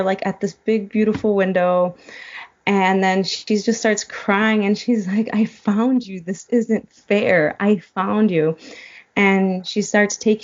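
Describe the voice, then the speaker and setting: A woman's voice: medium pitch, a little mellow, highs cut off. A woman guest in a casual chat, retelling a film plot and getting choked up as she goes. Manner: emotional, choked up while retelling. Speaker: podcast guest.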